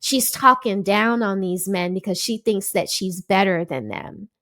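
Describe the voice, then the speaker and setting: A woman's voice: mid-range voice, measured pace, a bit bright. A woman giving an exasperated, emphatic commentary, lecturing as she reacts to a panel clip. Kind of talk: ranting commentary.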